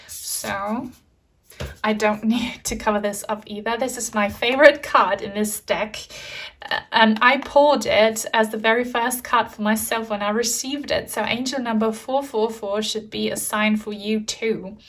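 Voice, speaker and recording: A woman giving a pick-a-card tarot reading, speaking softly and earnestly, reassuring the viewer and getting emotional at times. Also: fairly high pitch, steady tone, unhurried, far from the mic. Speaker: tarot reader.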